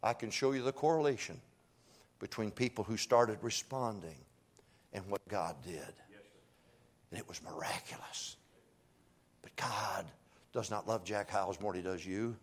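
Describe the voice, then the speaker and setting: A man preaching a revival sermon in a church, folksy and joking, pleading softly one moment and shouting from afar the next. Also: on the low side, normal speed, pauses often. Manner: swings from hushed pleading to far-off shouting. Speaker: guest preacher. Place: church sanctuary.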